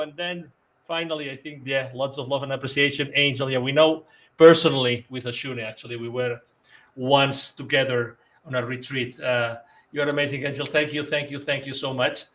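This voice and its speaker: Male host, effusive and repetitive, fairly high pitch. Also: moderate pace, a bit bright. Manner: effusive, repeats himself, restarts often. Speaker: show host. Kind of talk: live show sign-off, reading viewer messages.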